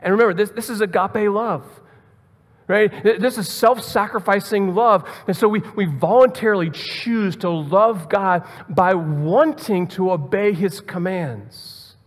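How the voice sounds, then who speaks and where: A man's voice: high voice, measured pace, long reverb tail. A man preaching a sermon in a conversational way, repeating words and asking the listeners rhetorical questions. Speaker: pastor.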